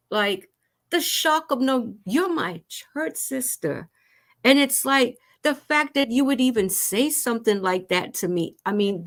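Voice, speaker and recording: Woman, host, earnest, emotional, candid talk, middle pitch. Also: fairly bright tone. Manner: earnest, emotional personal storytelling. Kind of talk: candid conversation about grief.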